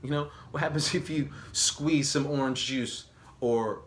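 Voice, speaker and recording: A man vlogs in a loose, energetic way, full of slang and emphatic repeats. His pitch sits in an ordinary middle range for a man. He often slows down to stress his points. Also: a little hiss or hum. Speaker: vlogger. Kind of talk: casual direct-to-camera talk.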